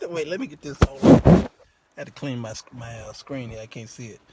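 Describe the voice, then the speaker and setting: Heavy background noise surrounds a man of medium pitch and normal speed as he tells a story by phone on his own live stream, first out in the rain and then in a car. He's animated, playing both parts of the conversation himself.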